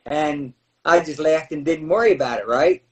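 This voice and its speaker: High-voiced man telling lively wrestling stories. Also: moderate pace. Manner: animated, laughing, acting out scenes. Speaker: guest, former pro wrestler. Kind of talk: podcast storytelling. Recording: voice a bit far from the mic.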